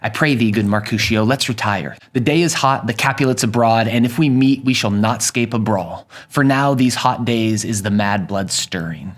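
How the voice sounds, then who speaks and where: A man's voice: lowish voice, moderate pace, few pauses, natural voice. A man reading the lines of a wary young man urging his friend to leave.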